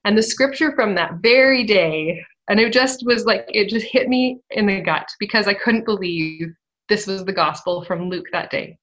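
A woman's voice: medium pitch, normal speed, fairly bright tone, dull audio. A woman in her thirties on a radio program, telling a family story casually, laughing often and turning emotional.

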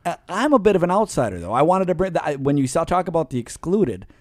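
Joking man in his forties, lively pitch. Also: fast, dry recording. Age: 40s. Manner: joking, self-mocking, lively. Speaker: radio host. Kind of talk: comedic radio chat.

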